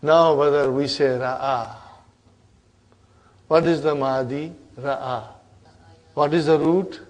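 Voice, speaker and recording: Slow, higher-pitched man drilling verbs. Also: fairly even intonation. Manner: drills verb forms, keeps asking "huh?" and "okay?"; calls the student "brother". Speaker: Arabic teacher. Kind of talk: classroom grammar lesson.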